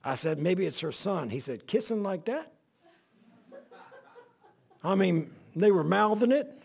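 A man's voice: high voice, animated, normal speed, gravelly, darkish tone, slightly rough. A middle-aged man, a pastor, telling a long folksy story in a rambling sermon. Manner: folksy, rambling anecdotal preaching.

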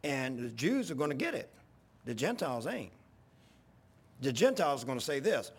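Husky preacher telling stories. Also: male voice, medium pitch, very animated, moderate pace. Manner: folksy storytelling, rising to yelling when worked up. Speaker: pastor. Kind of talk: sermon. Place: church sanctuary.

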